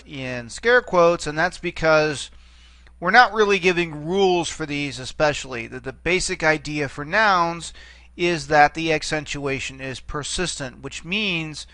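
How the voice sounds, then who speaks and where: A man's voice: a little high, bright, forceful tone, clean tone, no echo. A man teaching a recorded lecture, explaining step by step and pointing at a board, with frequent fillers.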